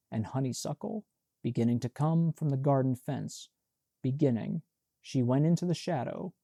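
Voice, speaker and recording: A man reading a literary novel aloud as an audiobook narrator, in a measured, somber way. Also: medium pitch, gravelly, mellow, dry recording, clean studio sound.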